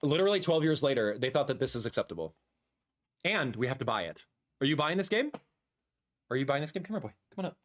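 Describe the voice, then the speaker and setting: A man in his thirties reacting live on a stream, excitable and animated, repeating himself as he talks, sometimes dropping to a soft murmur. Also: mid-range voice, fairly quick, long pauses. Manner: drops to a soft murmur when talking to his cat. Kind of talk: livestream reaction commentary.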